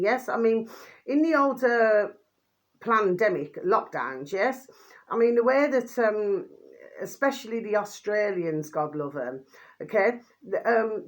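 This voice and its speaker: A woman, rambling through casual commentary, full of fillers and tag questions, with quick low asides to her viewers. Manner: drops pet phrase "my delicious babies" in a quick low aside. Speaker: vlogger commenting on videos.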